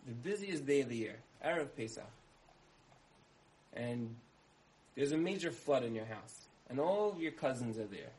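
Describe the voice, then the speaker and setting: Animated man telling a sermon story. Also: mid-range voice, moderate pace, pauses often, a little hiss or hum, rough recording. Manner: animated storyteller, repeats phrases for emphasis, acts out dialogue. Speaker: speaker giving a talk.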